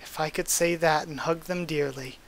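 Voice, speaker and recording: Man reading a remorseful caretaker mother, comic read-aloud, plain voice, fairly high pitch. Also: fairly even intonation, normal speed, a little hiss or hum, lightly acted. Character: remorseful former caretaker mother who turned against her master.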